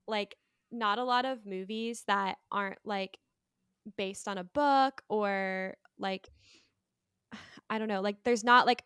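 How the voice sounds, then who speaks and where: A woman talks through a film in relaxed podcast chat, her voice smooth and resonant. The sound is dry and close, with no room around her. She strings her thoughts together loosely, peppered with "like.". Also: medium pitch, no echo. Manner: chatty, heavy use of "like". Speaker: podcast panelist. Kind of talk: casual movie discussion.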